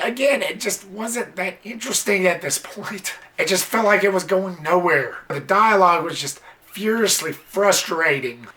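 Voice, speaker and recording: Fed-up film reviewer ranting away casual, blunt, bit of swearing, jumps into squeaky impressions now and then. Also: sharp tone. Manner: mimics characters in sudden high squeals. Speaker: movie reviewer.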